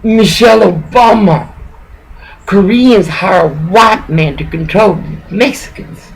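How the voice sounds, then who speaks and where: Woman ranting slowly into a video, rambly, emotional, lots of swearing. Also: medium pitch, creaky, a little hiss or hum, low-quality recording. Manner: rambling, agitated, profane.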